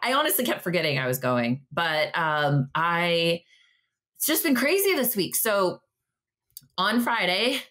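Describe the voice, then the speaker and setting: A young woman chatting on a podcast, her voice sitting a little low. She tells stories with energy, acts out the quotes, and her pitch jumps up when she gets excited. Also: unhurried. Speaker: podcast co-host. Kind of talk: casual chat.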